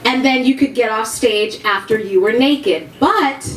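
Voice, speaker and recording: High-voiced woman telling a profane comic story. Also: a little slow. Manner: frank, profane, deadpan asides. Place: live venue stage before an audience. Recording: roomy hall with audience noise.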